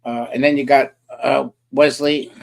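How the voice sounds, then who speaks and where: A man talking in a loose, meandering way on a casual political chat stream. He fills gaps with "uh" and throws in offhand jokes. His voice sits at an ordinary middle pitch. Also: little pitch movement, measured pace, creaky. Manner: rambling, many "uh" fillers, joking. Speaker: co-host.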